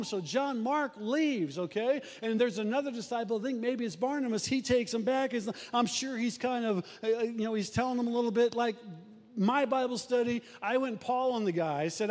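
With a very high, slightly mellow voice at normal speed, a pastor tells stories in a folksy, conversational sermon. He restarts often, and the church sanctuary gives the recording a long hall reverb.

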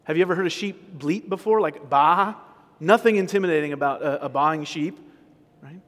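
Male pastor, slightly high voice, casual preaching style, long church reverb. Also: quick pace. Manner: conversational preaching with frequent restarts and rhetorical questions. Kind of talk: sermon. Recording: sermon recorded in a large reverberant hall.

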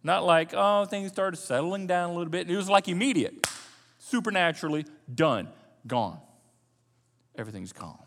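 Animated high-voiced male preacher. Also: moderate pace, long reverb tail. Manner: animated storytelling, acting out the scenes. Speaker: pastor. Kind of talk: sermon.

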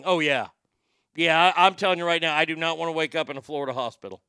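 A man's voice: a little high, fast, pushed and bright, clear, resonant tone, no room sound, studio quality. A man hosting a show, talking in a folksy, rambling, profane way with many restarts. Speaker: show host. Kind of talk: casual talk-show monologue.

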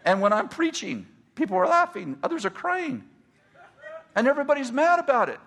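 A middle-aged man, a pastor, telling stories in a casual, animated way and laughing often as he talks. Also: very high voice, fairly quick. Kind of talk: casual storytelling.

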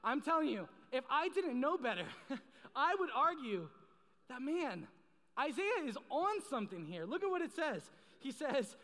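A young man with a high voice preaches in a large hall, and the sound rings with a long reverb. He jokes, tells stories and calls out to the crowd in a casual, lively way. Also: unhurried. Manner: casual, joking, animated storytelling with the crowd. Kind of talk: sermon.

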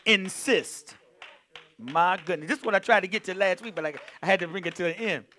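A man's voice: sits high, racing, sharp tone, a little hiss or hum. A man preaching a sermon as pastor, fervent, breaking into exclamations and hums and calling on the congregation to answer him. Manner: fervent, exclaiming and humming between points; calls on the congregation to respond.

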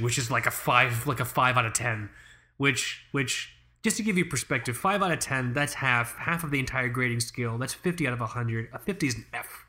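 A young man co-hosting a podcast, animated and joking, with lots of swearing in casual chat. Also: medium pitch. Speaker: podcast co-host. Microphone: studio microphone.

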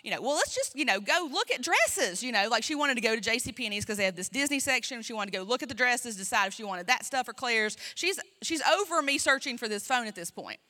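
A woman's voice: fairly high pitch, lively intonation, fast, few pauses, sharp tone. A woman pastor telling a long story from the pulpit in a chatty, self-mocking way, full of asides. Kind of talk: storytelling sermon. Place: church.

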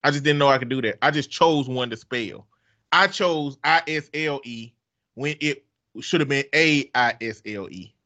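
Expressive Alabama-accented man, bright voice. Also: mid-range voice, normal speed. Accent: Southern US, Alabama. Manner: animated, profane, laughing often. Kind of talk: casual chat.

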